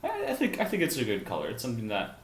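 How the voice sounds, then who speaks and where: A young man co-hosting a casual podcast, chatty and musing, quick to laugh. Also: medium pitch, roomy sound. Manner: animated, laughs easily, musing. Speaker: podcast co-host. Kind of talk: casual chat.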